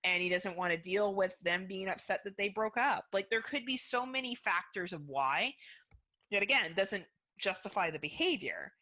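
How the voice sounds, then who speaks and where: A woman's voice: medium pitch, expressive, moderate pace, bright, forceful tone. A woman co-hosting a podcast in casual chat, candid and swearing freely, thinking aloud with lots of "like"s. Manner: talkative, thinks aloud with many "like"s. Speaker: podcast co-host.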